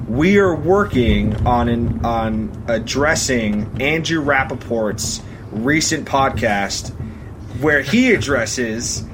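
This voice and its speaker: A man's voice: mid-range voice, slow. Joking man on a noisy podcast clip. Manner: joking, mocking, excited. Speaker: guest podcast host. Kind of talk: casual podcast banter.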